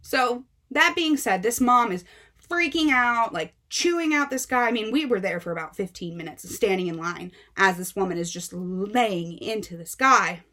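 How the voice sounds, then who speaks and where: A young woman book vlogger retelling a story in a casual, animated, exasperated way with many fillers. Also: medium pitch, normal speed.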